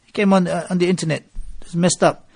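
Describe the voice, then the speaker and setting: A man's voice: sits high, fast, creaky, husky, no room sound, clean studio sound. A male preacher, lecturing a gathering and telling stories, with phrases mixed into his English. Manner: mixes Arabic phrases into English, animated storytelling. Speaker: Islamic preacher.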